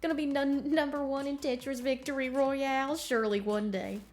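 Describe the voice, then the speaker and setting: A woman's voice: sits high, steady tone, moderate pace, darkish tone. Giggly slangy woman streamer. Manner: bubbly, giggly, slangy chatter with chat. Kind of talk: casual stream chat while gaming.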